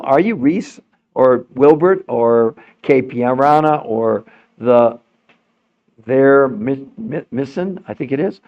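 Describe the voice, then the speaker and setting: An emphatic man talks straight to his livestream viewers, pressing every point and repeating words as he goes. His voice is dark and mellow, and it sounds strained from overuse. The recording is dull and lo-fi. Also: mid-range voice, expressive, slow pace. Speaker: podcast host. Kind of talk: impassioned livestream talk to viewers.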